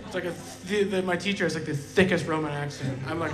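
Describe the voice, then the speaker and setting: A man's voice: on the high side, fast talker. Profane rambling stand-up man. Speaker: stand-up comedian and musician. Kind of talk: live stand-up banter. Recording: live hall echo, music behind.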